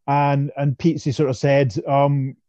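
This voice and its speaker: A man chats casually as a podcast co-host, laughing often and restarting his sentences. His voice is warm and mellow. The sound is dry and dull, a little lo-fi. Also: medium pitch, flat delivery, unhurried, no echo. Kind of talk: casual chat.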